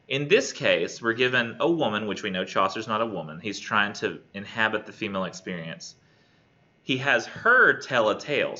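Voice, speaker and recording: A man teaching a college English class, animated and joking. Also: on the low side. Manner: animated, joking, self-deprecating. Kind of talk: jokey classroom lecture. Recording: muffled lo-fi classroom recording.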